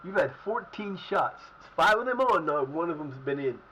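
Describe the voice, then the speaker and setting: A man's voice: on the high side, expressive, normal speed, bright, forceful tone, slight background noise, low-quality recording. A man streaming a football management game and cursing out his own team in angry rants. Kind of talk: live-stream gameplay commentary.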